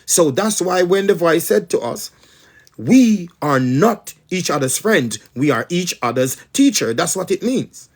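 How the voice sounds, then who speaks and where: High-voiced Jamaican man preaching. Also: sing-song, a little slow. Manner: emphatic, repetitive, in patois. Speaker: spiritual teacher. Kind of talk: preaching monologue.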